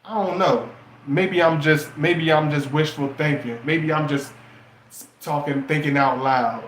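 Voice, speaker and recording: Man, high voice, preachy advice rant, rhetorical questions, echoey room with faint hum. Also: steady tone, measured pace, a bit bright. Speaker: relationship and astrology vlogger. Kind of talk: casual advice monologue.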